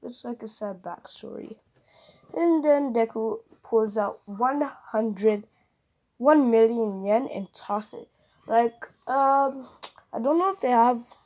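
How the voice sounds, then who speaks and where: A young woman makes up a fan-fiction story as she goes. She rambles, fills gaps with "uh" and "um", and corrects herself mid-sentence. Her voice sits fairly high. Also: measured pace, warm tone. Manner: rambling, full of fillers and self-corrections. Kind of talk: improvised fan-fiction narration.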